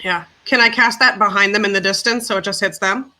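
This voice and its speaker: A woman's voice: mid-range voice, fairly even intonation, brisk, pushed and bright, rough recording. Blunt swearing woman playing a tabletop game. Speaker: player. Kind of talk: casual game chat.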